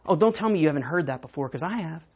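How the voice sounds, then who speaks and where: A woman preacher delivers a sermon through vivid storytelling. Her voice is husky and breathy. She swings from hushed to soaring as she presses her points home. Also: deep voice, very fast. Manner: animated storytelling with dramatic swings.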